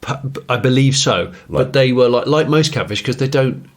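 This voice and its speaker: A podcast co-host chats casually and with enthusiasm, his mid-range voice moving at a moderate pace. He often restarts his sentences as he goes.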